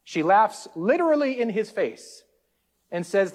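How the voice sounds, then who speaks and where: Preaching in a high, sing-song voice at a measured pace, a pastor calls out to his congregation. His sermon swells in intensity and then softens again.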